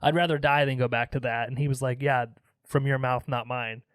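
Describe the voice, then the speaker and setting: A man, a guest on a podcast, in a relaxed casual chat, recapping film scenes and quoting their lines. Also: mid-range voice, fairly quick, dry recording, studio quality.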